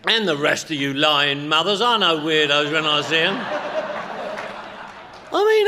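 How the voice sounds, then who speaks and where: A middle-aged man with a London accent, telling comic stories to a crowd in a loud, joking, punchy way with bursts of shouting. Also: on the high side, very animated, normal speed, long pauses, background noise. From England. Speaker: recovery meeting speaker. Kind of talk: comic storytelling talk to a crowd.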